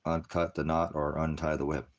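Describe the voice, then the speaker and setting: A man's voice: rumbling low, little pitch movement, normal speed. A man hosting a casual livestream, rambling and joking, often breaking off to baby-talk his dogs. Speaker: livestream host.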